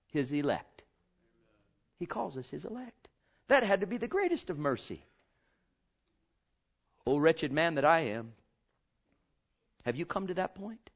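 A man preaching a sermon with passion, swinging from hushed, drawn-out words to loud cries. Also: a little high, sing-song, highs cut off.

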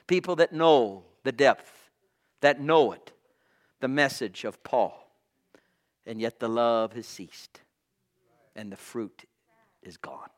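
A man preaching a sermon with great passion, swinging from loud cries to hushed whispers. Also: mid-range voice, takes it slowly, pauses often. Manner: impassioned, swings from shouting to whispers.

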